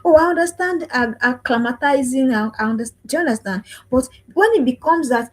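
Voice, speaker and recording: A woman in her 40s from Africa speaks about parenting in a preaching style, her high, animated voice running a little fast. She's emphatic, repeats phrases, and asks whether listeners understand. The livestream recording is rough.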